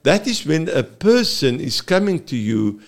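Gravelly man, higher pitch. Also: very animated. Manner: earnest, halting with many fillers. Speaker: therapist. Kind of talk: explaining in a talk-show interview.

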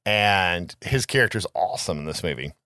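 A man's voice: low voice, lively intonation, normal speed, bright, forceful tone, no room sound. Swearing rambling podcast guy, dry sound. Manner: rambling, swears freely, lots of "like" and "right?". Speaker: podcast co-host. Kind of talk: casual podcast chat about a film.

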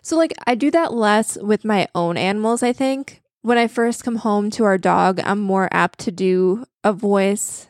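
A woman's voice: mid-range voice, unhurried, hardly any pauses, a little mellow, dry recording. Female podcast co-host, candid and self-deprecating, mid-range voice, dry close mic. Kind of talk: casual chat.

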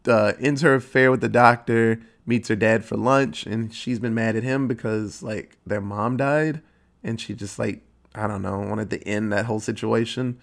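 A man's voice: fairly low pitch, steady tone, moderate pace, gravelly. A man retelling a story in casual chat, loose and rambling, with lots of "like" and easy swearing.

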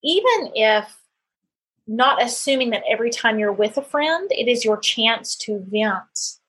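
A middle-aged woman hosts a podcast in a husky, slightly breathy voice that sits a little high. She talks casually, drifting into personal stories and padding her thoughts with fillers and restarts. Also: animated, unhurried, a bit bright. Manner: chatty, tells anecdotes with many fillers. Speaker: podcast host. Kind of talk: casual conversational interview.

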